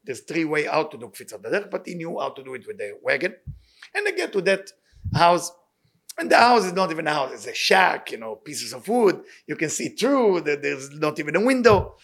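A man giving an impassioned sermon and telling a story, repeating his key words and speaking loose, halting English. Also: on the high side, very animated, fairly bright tone. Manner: loose, halting non-native English grammar. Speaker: rabbi giving weekly inspiration.

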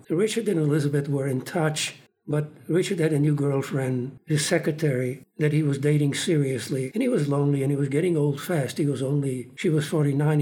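An older man, a theater producer, telling anecdotes in an interview and acting out the lines of the people in them. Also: a little high. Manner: animated, acts out other people's lines. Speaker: theater producer recounting his career.

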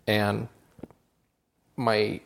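A man's voice: fairly low pitch, monotone, drawn-out words, creaky. A young man co-hosting a podcast, chatting casually and joking with a co-worker. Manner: laid-back, joking, swears freely. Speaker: podcast co-host. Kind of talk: casual chat.

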